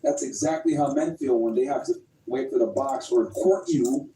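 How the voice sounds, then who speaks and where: A man co-hosting a podcast, telling a scenario in a profane, animated way. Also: mid-range voice, normal speed, recorded from a distance. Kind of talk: casual debate, storytelling scenario. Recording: echoey room from afar, faint noise.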